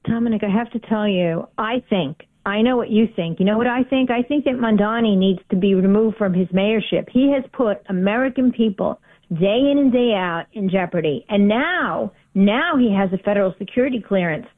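A caller on a talk radio show, speaking in a fervent, emphatic way. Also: female voice, medium pitch, moderate pace. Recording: tinny phone line.

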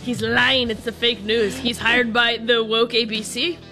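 A man's voice: extremely high pitch, level tone, measured pace, bright, forceful tone, soft background music, voice pushed up, full character voice. A man doing a pompous boastful politician.

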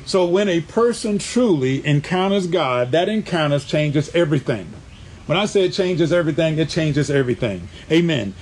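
A man's voice: a little high, darkish tone, slight background noise. A man preaching a sermon in church, reading scripture aloud, repeating his points and punctuating them with "amen" as he calls on the congregation. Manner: repeats and restates points for emphasis. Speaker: pastor.

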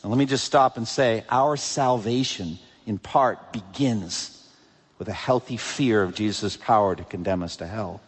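A man preaching a sermon with emphatic swings between loud peaks and hushed drops. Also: on the low side, a little slow, slightly rough, big-room sound. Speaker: pastor.

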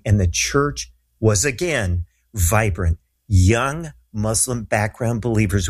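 Low husky man telling a story. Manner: earnest, animated storyteller. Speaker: guest minister. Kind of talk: storytelling in a talk show interview.

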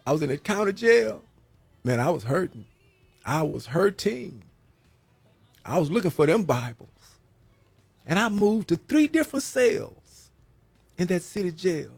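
A man's voice: high voice, big pitch swings, unhurried, vocal fry, long pauses, a little mellow, husky, no room sound, faint music behind. A man who served prison time, preaching a sermon in a folksy way and repeating his phrases for emphasis.

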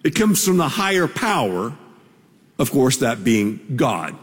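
A man preaching a sermon, with slow, emphatic phrasing that swells toward shouts. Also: mid-range voice, very animated, husky. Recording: long reverb of a large hall.

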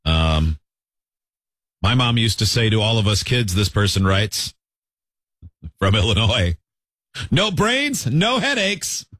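A man with a husky voice hosts a lively talk show, reading listener messages aloud with animated energy and frequent laughs. His voice sits mid-range and sounds close and dry, with no room echo. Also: lowish voice, a little slow, pauses often. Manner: animated, reads out listener texts, laughs often. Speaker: radio show host. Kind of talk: casual chat.

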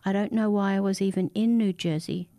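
A woman voicing a frightened, desperate man who pleads for his life, rambling and rising in pitch as he begs. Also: fairly even intonation, fairly quick, mellow, dry recording, close to an everyday voice. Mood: pleading. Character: frightened desperate man, a cursed family father.

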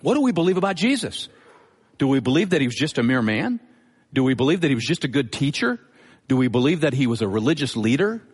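A pastor preaching a sermon in a measured, teaching manner, repeating his key phrases for emphasis. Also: medium pitch, big pitch swings, slightly rough. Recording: long hall reverb.

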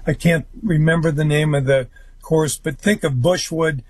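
Husky-voiced man telling a long story. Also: fairly high pitch, steady tone, normal speed, a little mellow, no echo. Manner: rambling anecdotal telling with restarts. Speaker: guest storyteller. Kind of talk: casual interview storytelling.

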